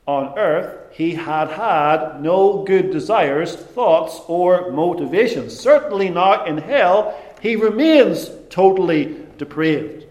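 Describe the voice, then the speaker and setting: A man preaching a sermon, deliberate and emphatic, with dramatic pauses. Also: on the high side, darkish tone, roomy sound.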